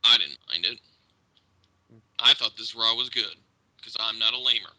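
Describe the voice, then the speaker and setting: A man's voice: lowish voice, normal speed, sharp tone, rough recording. A man co-hosting a casual wrestling podcast, teasing and argumentative. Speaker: podcast co-host.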